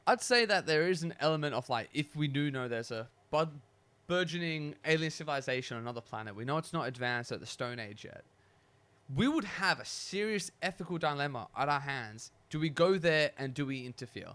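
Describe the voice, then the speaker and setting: A man's voice: a little high, animated, brisk, fairly bright tone. A man co-hosting a podcast in casual chat, musing aloud, asking questions and agreeing readily. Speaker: podcast co-host.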